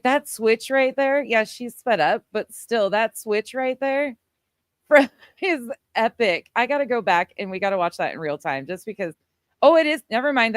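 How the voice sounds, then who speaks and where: A woman's voice: a little high, no room sound, studio quality. A woman hosting a casual reaction commentary, blunt and profane, often breaking into laughter. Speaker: commentary channel host.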